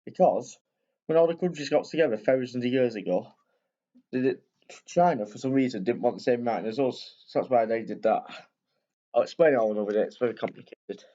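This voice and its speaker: A man's voice: mid-range voice, a little fast, warm tone, highs cut off. A man hosting a video, casually reading a picture book aloud with chatty asides and frequent self-corrections. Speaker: storyteller and video host.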